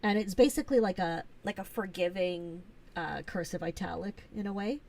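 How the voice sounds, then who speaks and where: A woman's voice: on the low side, normal speed, vocal fry, darkish tone. A woman hosting a casual live stream, chatty and gushing, with lots of fillers as she shows things off.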